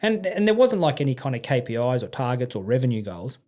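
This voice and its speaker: An Australian man, a podcast guest, telling blunt, lively anecdotes in casual conversation with frequent restarts and slang. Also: medium pitch, fast.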